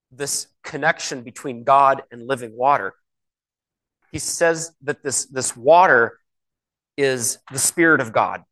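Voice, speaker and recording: Male preacher, mid pitch, conversational sermon delivery, emphatic with rhetorical questions. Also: fairly bright tone. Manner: slows and stresses key words when reading scripture.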